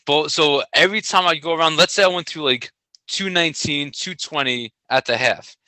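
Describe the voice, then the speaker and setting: A middle-aged man co-hosting a casual podcast, telling a story in an animated way and laughing often. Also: fairly high pitch, normal speed, no echo, low-quality recording. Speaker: podcast co-host, track coach. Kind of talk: casual chat.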